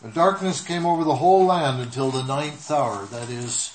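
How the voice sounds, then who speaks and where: A man preaching a sermon in short measured phrases, pausing so an interpreter can follow. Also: mid-range voice. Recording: echoey room with faint noise.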